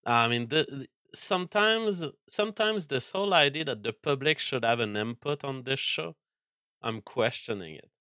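A man's voice: medium pitch, expressive, moderate pace, pushed and bright, no echo, clean studio sound. A man hosting a casual livestream, answering chat with mock-angry, profane rants and stammering restarts. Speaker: livestream host reading chat.

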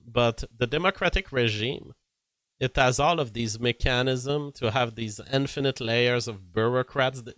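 A man talking at an unhurried, deliberate pace, with a bright, forceful and smooth voice. He is a blunt, opinionated commentator who reads posts aloud and reacts to them, swearing freely. The recording is dry and close. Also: mid-range voice, dry recording. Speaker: political commentator.

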